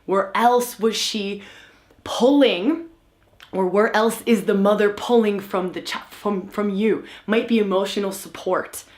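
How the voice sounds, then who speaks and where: A woman's voice: mid-range voice, measured pace, darkish tone, echoey room. A woman giving a spiritual teaching talk to a live audience, emphatic and often checking in with "right?". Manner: emphatic, asks "right?" often, acts out the voices she describes. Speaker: women's coach hosting a live session.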